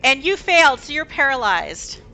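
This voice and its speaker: A woman running a tabletop game as game master over voice chat, narrating rolls and attacks with a lively manner, her voice glitching robotically on a bad connection. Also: high voice, moderate pace, soft background music, poor audio. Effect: glitchy, robotic dropouts from bad connection. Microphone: voice chat call.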